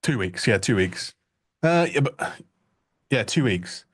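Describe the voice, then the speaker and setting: A man's voice: mid-range voice, sing-song, slow pace, slightly rough. Joking, rambling young male co-host. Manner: joking, rambling, self-interrupting. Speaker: livestream trading co-host. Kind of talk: casual live-stream chat.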